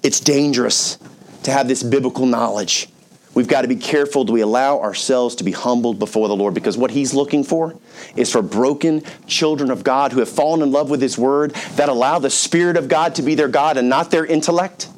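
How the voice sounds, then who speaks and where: A man delivering a sermon in a relaxed, talky way, leaning hard on key words and dropping in asides to his listeners. His voice sits at a middle pitch for a man. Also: fairly quick. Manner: conversational and emphatic, with asides like "man" and "okay". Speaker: pastor. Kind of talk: storytelling sermon.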